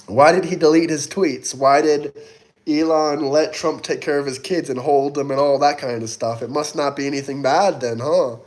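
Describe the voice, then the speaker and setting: In a casual livestream, a sweaty man reads super chats and mockingly needles commenters, with occasional coughs. His slightly high voice has a darkish tone and fairly even intonation at normal speed.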